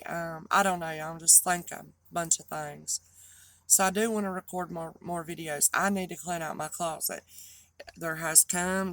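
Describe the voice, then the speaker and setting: A woman's voice: fairly low pitch, fairly bright tone, dry recording. A middle-aged woman with a thick Southern drawl, chatting casually and rambling in a vlog to her regular viewers. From North Carolina, US. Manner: rambling, chatty, trips over words. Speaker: online reseller and host.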